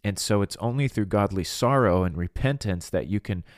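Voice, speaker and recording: A man's voice: fairly low pitch, moderate pace, dry recording, clean studio sound. A man preaching a podcast sermon in an earnest, emphatic way, often restarting his words and acting out people's inner voices.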